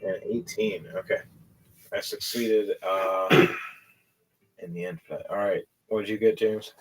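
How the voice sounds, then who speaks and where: A man running a tabletop game as game master, telling the story in a rambling, excitable and profane way. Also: fairly low pitch, measured pace, slight background noise, poor audio.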